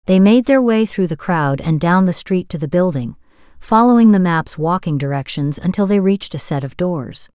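A woman narrating a romance novel as an audiobook, in a smooth, steady storytelling manner. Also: fairly low pitch, normal speed, no room sound, studio quality.

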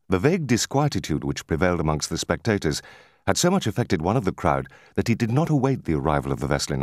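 A man narrating a classic novel as an audiobook in a measured, expressive reading. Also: deep voice, no echo, studio quality. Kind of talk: scripted narration.

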